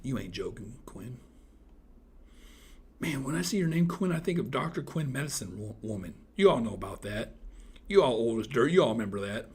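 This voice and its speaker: A man in his thirties hosting a casual livestream, teasing and joking crudely with his viewers, swinging from loud outbursts to mumbled asides. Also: medium pitch, big pitch swings, moderate pace, slight background noise. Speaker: livestream host chatting with viewers.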